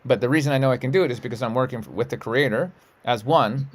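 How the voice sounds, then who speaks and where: A man's voice: medium pitch, fast talker. Profane, rambling man giving a spiritual talk. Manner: loose, profane and emphatic, frequent "you know what I'm saying". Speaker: spiritual livestream host. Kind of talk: casual spiritual talk, rambling livestream sermon.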